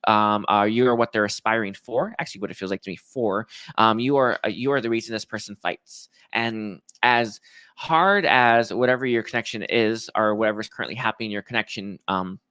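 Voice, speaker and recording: A young man speaks in a bright, forward voice that sits slightly low for a man. He reads tarot cards for his viewers in a halting, emotional way, full of fillers and restarts. The sound is dry and close, with no room around it. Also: no echo. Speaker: tarot reader.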